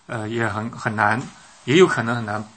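A man's voice: fairly low pitch, fairly even intonation, normal speed, a bit bright, slight background noise. A man interpreting a sermon live, hesitant, with frequent fillers and restarts.

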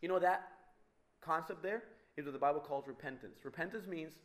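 A man preaching a sermon to a live audience, animated and teasing, swinging between loud and soft. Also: brisk. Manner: animated, wide swings in pitch and loudness, teasing the crowd.

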